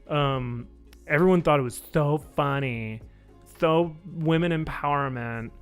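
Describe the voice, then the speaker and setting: A man's voice: on the high side, a little slow, smooth, soft background music. Rambling man reviewing a show. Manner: rambling, profane, with frequent fillers. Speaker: YouTube reviewer. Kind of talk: casual spoken review.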